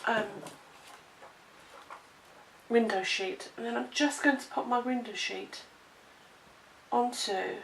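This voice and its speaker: This craft tutorial presenter has a gravelly, higher-leaning voice and speaks slowly, pausing often. Out of breath and coughing, she chats her way through making a card, laughing at her own slips. The recording has room echo, a distant mic, and background noise.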